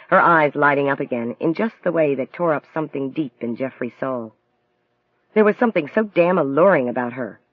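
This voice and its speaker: Male audiobook narrator, measured and even, dry and slightly dull sound. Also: mid-range voice, no room sound.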